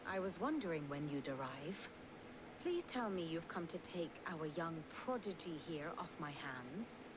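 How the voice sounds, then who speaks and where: An actress playing a wry, learned scholar who speaks drily. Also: female voice, on the low side, very animated, measured pace, background noise. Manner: dry and wry.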